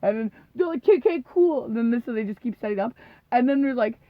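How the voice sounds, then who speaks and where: A woman's voice: on the high side, fast, no echo. A woman co-hosting a podcast, telling profane, rambling stories in casual chat, often laughing and acting out what people said. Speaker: podcast co-host. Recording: dull lo-fi dry recording.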